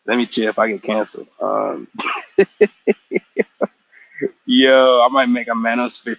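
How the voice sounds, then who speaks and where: A man's voice: fairly low pitch, fairly bright tone, no echo, muffled recording. A young man casually recapping a cartoon episode in a slangy, profane way, acting out the characters' lines. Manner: slangy, profane, acts out quotes. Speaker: show recap host.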